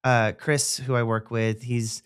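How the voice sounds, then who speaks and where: A man's voice: mid-range voice, flat delivery, measured pace, clean tone, dry recording. A male podcast host who talks with eager, rambling enthusiasm and plenty of fillers. His voice sits mid-range and is recorded close and dry, with no room sound. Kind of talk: casual podcast interview.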